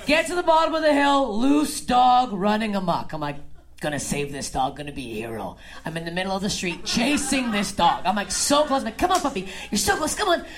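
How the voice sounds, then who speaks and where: A woman from Canada performing a stand-up set on a club stage, deadpan and swinging between low mutters and loud outbursts. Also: gravelly. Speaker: stand-up comic.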